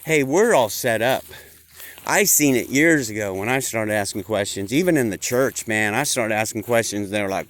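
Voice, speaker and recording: A man's voice: fairly low pitch, expressive, moderate pace, a bit bright. A man giving a casual, folksy monologue, repeating himself and calling his listeners folks. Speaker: vlogger.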